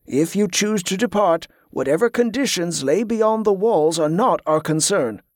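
A man voicing a formal, stately male monk who guards an abbey gate, speaking in a measured, ceremonious way. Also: high-pitched, animated, no room sound, clean studio sound.

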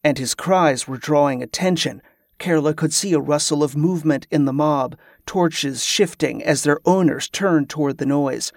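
A man narrating an audiobook in a steady, even storytelling read. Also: fairly high pitch, normal speed, gravelly, dry recording, clean studio sound. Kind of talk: scripted narration.

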